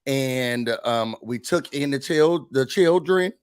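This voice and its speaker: A man hosting a mock office meeting in a faux-serious, deadpan manner, breaking into put-on emotion now and then. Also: mid-range voice, takes it slowly, clean tone. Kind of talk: comedic mock corporate briefing.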